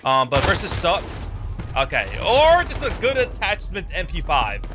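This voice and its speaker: A young man, a pro gamer, giving excitable live commentary over his own shooter gameplay. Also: sits high, moderate pace, over music. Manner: hyped, excitable, yelling at plays. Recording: loud game gunfire under voice. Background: shooter game gunfire.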